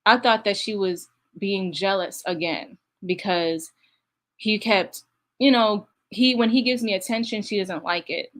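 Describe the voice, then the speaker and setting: A woman's voice: medium pitch, unhurried. A young adult woman casually commenting on video clips, talking directly to her viewers with a candid, laughing manner.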